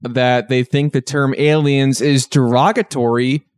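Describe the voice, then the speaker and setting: A man's voice: mid-range voice, fairly even intonation, unhurried, clear, resonant tone. A young man co-hosting a podcast, joking and wry in casual profane banter. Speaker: podcast co-host.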